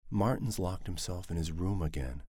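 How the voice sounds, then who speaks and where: A man voicing a devout middle-aged mother who coaxes her son in a languid, honeyed voice, evenly modulated and warm. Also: low-pitched, expressive, normal speed, breathy edge, no room sound, clean studio sound. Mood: coaxing.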